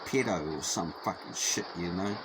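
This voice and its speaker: A man's voice: sits low, normal speed. A man telling a story in a rambling, profane, repetitive way. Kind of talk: casual spoken anecdote. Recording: noisy background.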